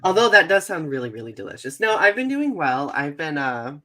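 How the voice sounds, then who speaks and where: A man's voice: a little high, sing-song, brisk, pushed and bright. A Midwestern American man hosting a casual podcast, speaking with giggly enthusiasm and laughing often. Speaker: podcast host. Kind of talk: casual chat.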